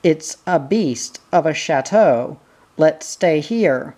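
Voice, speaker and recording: A stubborn small prince who refuses to leave, read aloud by an audiobook narrator. The lines come slowly and plainly, at a middle pitch, with little change from the narration. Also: lively intonation, warm tone.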